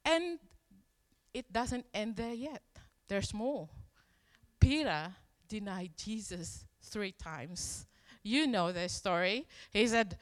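A woman's voice: mid-range voice, lively intonation, slow, in a large hall. A woman preaching a sermon in a conversational storytelling way, acting out the quoted lines as she tells the story.

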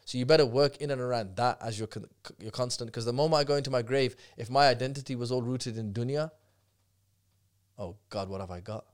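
A man, a podcast guest talking fast and animatedly, breaking off and restarting his sentences as he tells stories. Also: medium pitch, steady tone, smooth. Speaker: guest speaker. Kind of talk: casual podcast conversation.

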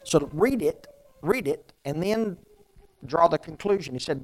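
A man's voice: fairly high pitch, lively intonation, moderate pace, rough recording. Conversational man preaching a sermon. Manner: conversational, repeats phrases, rhetorical questions. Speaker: pastor.

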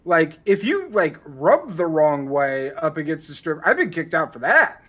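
Man, from the US, podcast co-host, casual storytelling, acts out quotes, swears a lot, animated pitch. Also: measured pace. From United States.

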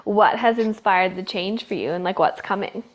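A woman's voice: mid-range voice, moderate pace. A woman hosting a podcast, telling stories in a chatty way with a lot of "like". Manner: chatty storyteller, filler "like". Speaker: podcast host. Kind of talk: casual podcast conversation.

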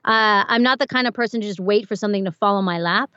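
A woman, an audiobook narrator, chatting as a guest in an interview, animated and quick to laugh. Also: mid-range voice, clear, resonant tone, no room sound, muffled recording. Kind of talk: casual interview chat.

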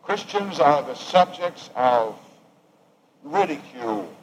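Male preacher, slightly high voice, dramatic loud-soft sermon delivery, faint hiss behind. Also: animated, slow pace, muffled recording. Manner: emphatic preaching with wide swings between loud and hushed.

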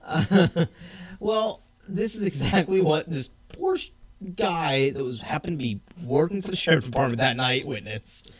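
A man's voice: fairly high pitch, normal speed, breathy edge. Chatty man telling a story. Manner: animated storyteller, laughs often. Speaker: podcast co-host. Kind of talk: casual podcast chat.

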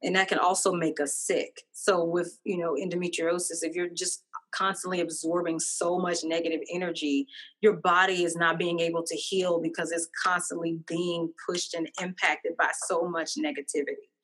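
A woman's voice: fairly low pitch, level tone, moderate pace, fairly bright tone, slightly rough. A woman in casual chat, speaking earnestly and reflectively about faith, joy and hope.

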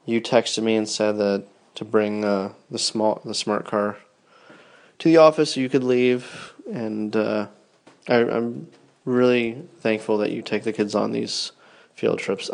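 A man's voice: lowish voice, creaky. A tired man in his thirties, rambling tenderly and yawning as he records a personal podcast for his wife. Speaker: podcast host.

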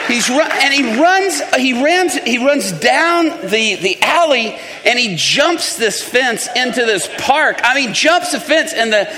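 A man's voice: extremely high pitch, a little slow, few pauses, big-room sound, crowd noise. A man preaching and telling a story, acting out the voices of the people in it. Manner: animated, acts out the voices in his story. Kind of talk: sermon storytelling.

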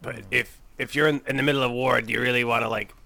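A man's voice: medium pitch, fairly even intonation, quick pace, vocal fry, sharp tone, no room sound. A man playing a tabletop game, hesitant and stumbling over words. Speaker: player.

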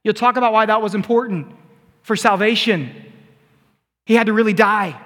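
High-voiced preacher in an echoing hall. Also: male voice, normal speed. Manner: animated, playful, acts out scenes. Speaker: youth pastor. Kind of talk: sermon. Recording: long hall reverb.

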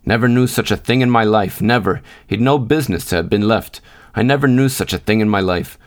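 A man's voice: fairly low pitch, fairly quick, close to an everyday voice. A man voicing a fussy, fretful old white-bearded mine manager who snaps out orders. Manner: snappish, fretful muttering.

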